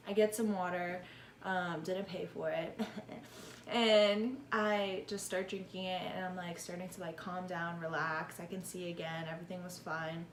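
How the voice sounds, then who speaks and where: A woman's voice: lowish voice, slight background noise. A young woman vlogger telling a casual storytime, chatty, swearing often and laughing between lines. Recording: echoey room.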